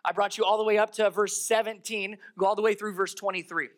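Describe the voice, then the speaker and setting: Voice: medium pitch, level tone, fast talker. A pastor preaching a sermon in a conversational way, retelling a scripture story with asides to the congregation. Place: church service held in a darkened theater.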